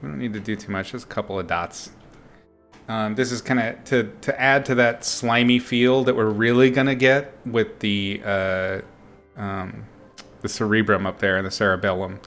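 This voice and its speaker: Chatty self-mocking man, low voice. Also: fairly even intonation, moderate pace, fairly bright tone, soft background music. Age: middle-aged. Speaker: artist streaming a painting session. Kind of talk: casual chat while painting, reading chat.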